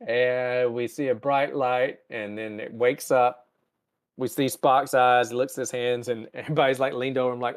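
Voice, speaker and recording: Man, podcast co-host, casual recap, mid-pitched, acts out characters. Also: dry recording, studio quality. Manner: animated, acts out characters in quick voices. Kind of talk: casual chat recapping an episode.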